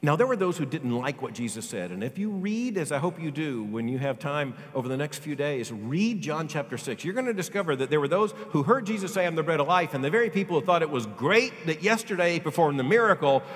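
A male pastor preaching a sermon, swinging from loud, emphatic high lines to quiet, low ones. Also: animated, fast talker, hardly any pauses. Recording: long reverb of a large hall.

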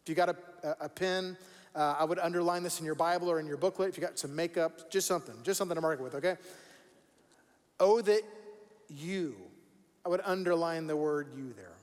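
A man's voice: on the high side, quick pace, clean tone, big-room sound. A man preaching a sermon as pastor, conversational and repeating words for emphasis. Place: church sanctuary.

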